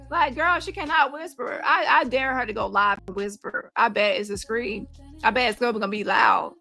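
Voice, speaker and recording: A woman hosting a casual livestream, talking to her viewers in a blunt, gossipy way. Her voice is bright and a little high, and faint music plays underneath. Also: moderate pace, creaky. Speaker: livestream host.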